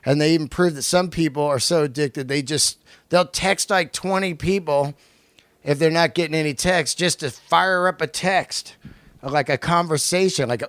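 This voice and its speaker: A male podcast host delivering a profane, animated comedic rant on his own. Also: a little high, moderate pace, dry recording. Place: lives in Los Angeles.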